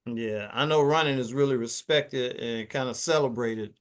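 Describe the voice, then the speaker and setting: A man's voice: mid-range voice, normal speed. A man hosting a podcast interview, attentive and prompting his guest with short affirmations. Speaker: podcast host.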